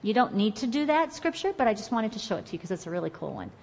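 A woman teaching a Bible study class in an earnest, conversational and encouraging way, reading scripture aloud slowly and with emphasis. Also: on the high side, big pitch swings, gravelly, a little mellow, big-room sound.

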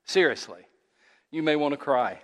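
A man preaching as a pastor, telling a funny story with animated delivery before his sermon. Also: fairly high pitch, moderate pace. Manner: animated storyteller who laughs at his own tale. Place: church sanctuary. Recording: long church reverb.

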